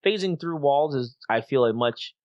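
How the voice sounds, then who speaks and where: A man's voice: medium pitch, animated, moderate pace, a little mellow, no echo, muffled recording. A man hosting a casual podcast, talking things through at length and reading out poll results. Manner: chatty, reasons things out at length. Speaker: podcast host.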